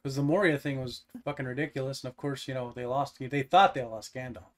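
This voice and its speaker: A podcast co-host talks loosely and playfully, teasing the others and throwing in crude jokes. The voice sits at a middling pitch, and the delivery stays conversational and offhand. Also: steady tone, fairly quick. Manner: jokey, crude humor, teasing. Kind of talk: casual chat.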